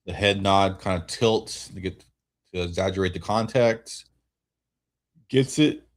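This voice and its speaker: A man streaming a watch-along, giving relaxed fan play-by-play while tired and yawning, often restarting his sentences. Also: deep voice, a little slow. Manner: relaxed, rambling calls with frequent self-corrections. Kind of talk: casual fan play-by-play commentary.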